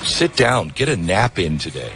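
A man's voice: very animated, moderate pace, vocal fry, over music. A male talk show host ranting sarcastically and mocking his opponents in put-on voices, then reading an ad. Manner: sarcastic, ranting, mock voices, jumps high when mocking. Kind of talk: opinionated talk show monologue with host-read ad.

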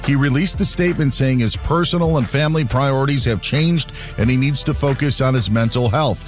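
A man reading a sports news update in a brisk newsreader manner. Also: mid-range voice, faint music behind.

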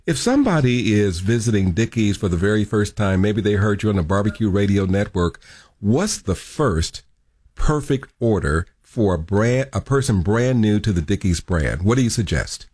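A man's voice: fairly low pitch, animated, normal speed, darkish tone, breathy edge, no echo. A man hosting a radio show, interviewing a guest with chatty broadcast-style questions.

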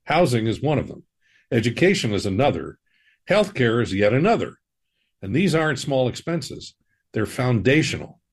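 Male finance host, husky and animated, steady reassuring delivery. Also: mid-range voice, normal speed. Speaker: financial advisor, podcast host. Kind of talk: scripted personal-finance talk.

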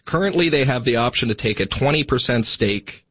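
Husky male radio producer. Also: medium pitch, brisk, no room sound. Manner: steady, explanatory, reads listener messages. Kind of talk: casual radio talk. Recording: dry, slightly dull broadcast audio.

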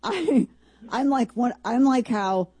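A woman's voice: fairly low pitch, animated, normal speed, mellow, breathy edge, dry recording. A woman hosting a show, giving casual commentary full of rambling, sarcastic asides. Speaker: show host.

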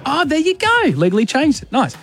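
A man's voice: extremely high pitch, huge pitch swings, brisk, a bit bright. A man hosting a radio show, quizzing a caller in playful banter. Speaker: radio host.

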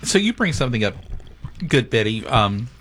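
A man's voice: medium pitch, sing-song, a bit bright, a little hiss or hum. A man hosting a casual chat show, joking around and talking with many fillers and restarts. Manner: chatty, jokey, halting with fillers. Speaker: host.

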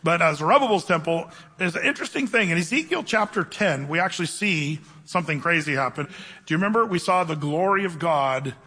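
A man preaching a conversational sermon, teaching the Bible to his congregation and slowing down to read scripture aloud. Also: on the high side, lively intonation, pushed and bright, husky. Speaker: pastor. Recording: reverberant hall.

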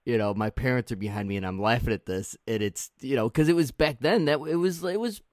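A man's voice: medium pitch, fast talker, darkish tone, dry recording, studio quality. A man hosting a casual interview, laughing easily as he talks about having been a fan since childhood. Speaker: podcast host.

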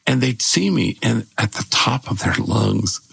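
An older man with a gravelly, husky voice, telling stories in casual conversation as a guest and lifting his voice when he quotes people. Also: lowish voice, a little slow, dry recording. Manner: animated when acting out quotes. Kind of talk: conversational storytelling.

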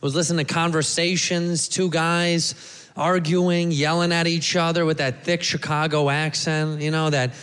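A man's voice: a little high, little pitch movement, moderate pace, a bit bright. A man doing a crude, playful stand-up set who acts out other people's voices. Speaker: stand-up comedian. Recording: hall reverb, faint noise.

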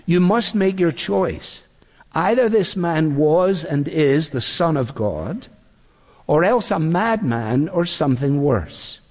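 A man preaching a sermon in a measured, deliberate way, acting out the quotes he reads. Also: a little high, lively intonation, a little mellow. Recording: long reverb of a large hall.

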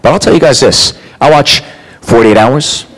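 A man's voice: mid-range voice, moderate pace, fairly bright tone, poor audio. A man doing a sarcastic, ranting stand-up routine on a comedy club stage. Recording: live club with crowd noise.

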